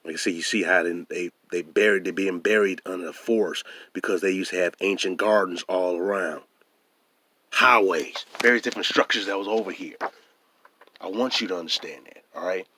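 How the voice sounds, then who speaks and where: Low, hoarse man, emphatic. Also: brisk, bright, forceful tone, dry recording. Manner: emphatic and repetitive, often restarting phrases. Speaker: vlogger. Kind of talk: casual vlog monologue.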